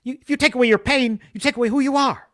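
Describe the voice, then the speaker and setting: A man imitating a male starship captain giving an emotional speech in a dramatic, halting delivery. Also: very high voice, a bit bright, voice pushed up. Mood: impassioned.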